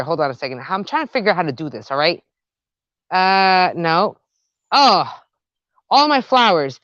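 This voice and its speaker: A woman chatting excitedly as she walks a phone camera through her backyard garden. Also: lowish voice, dry recording, muffled recording. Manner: chatty and excitable, gushing over her plants. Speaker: gardening vlogger. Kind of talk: casual walk-and-talk vlog.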